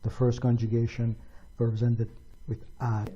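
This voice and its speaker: A man teaching a grammar lesson slowly and deliberately, pronouncing each example with care. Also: medium pitch, monotone, husky, dull audio. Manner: slow, deliberate, careful pronunciation of examples. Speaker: language teacher. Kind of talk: slow explanatory grammar lesson.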